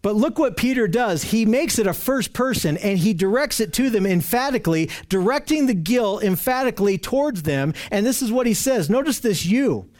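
A man with a high voice delivers a sermon. He presses his points hard, repeating key phrases and restarting sentences as he goes. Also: expressive, moderate pace, few pauses, a little mellow. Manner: emphatic, repetitive preaching with frequent restarts. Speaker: preacher.

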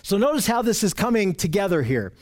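A man's voice: high-pitched, very animated, brisk, darkish tone. A man preaching an expository Bible sermon, earnest and explaining verses, often asking "right?" to his listeners. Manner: earnest, asks rhetorical questions, repeats "right?". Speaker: pastor.

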